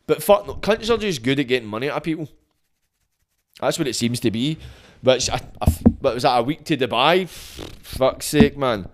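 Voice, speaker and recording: A man with a Glaswegian accent hosting a podcast, rambling through a sweary comic monologue and mimicking people in quick asides. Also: medium pitch, expressive, a little hiss or hum. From Scotland. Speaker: podcast host.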